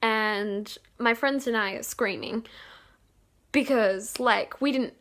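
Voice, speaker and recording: A young woman telling a rambling, excited storytime, giggling and acting out quotes loudly. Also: a little high, slow pace. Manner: excitable, giggly, acts out quotes with bursts of loudness; rambling with many fillers and restarts. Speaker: vlogger. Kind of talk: casual storytime.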